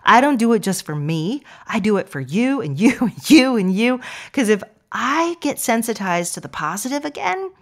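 A woman's voice: fairly high pitch, very animated, normal speed, hardly any pauses. Chatty woman podcast host giving affirmations. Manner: chatty, warm affirmations, laughs often. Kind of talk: casual affirmation talk.

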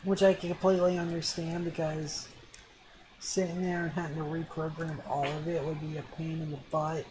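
A let's play gamer giving casual commentary, reading the game's dialogue aloud with sarcastic asides and clearing their throat as they come down with a cold. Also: mid-range voice, little pitch movement, moderate pace, noisy background.

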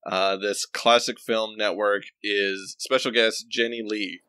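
Recording from home, this young movie-podcast co-host chats casually and rambles, leaning on lots of fillers. His voice is lowish, level and slow, with a sharp yet smooth tone and no echo.

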